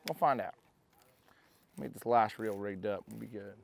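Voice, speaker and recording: A man's voice: fairly low pitch, moderate pace, vocal fry. A young man hosting a fishing vlog, talking casually to the camera in an easygoing, rambling way. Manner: easygoing, rambling, many fillers. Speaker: professional bass angler and vlog host.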